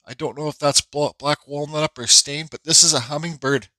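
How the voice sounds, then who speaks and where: A bright, somewhat high-voiced man rambles casually through his workshop vlog, full of fillers and restarts. He says he feels unwell, and his voice is recorded close and dry with no room sound. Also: steady tone, a little fast, no echo, low-quality recording. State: feeling unwell. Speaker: woodcarving channel host.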